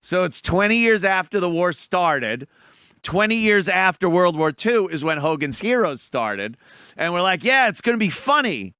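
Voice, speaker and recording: A man hosts a talk show and rants about a trailer with a slow, forceful delivery. He is profane and mocking and breaks into laughter often. His voice is a little high and sits dry and close. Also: lively intonation, clear, resonant tone, no echo. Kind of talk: comedic rant reviewing a trailer.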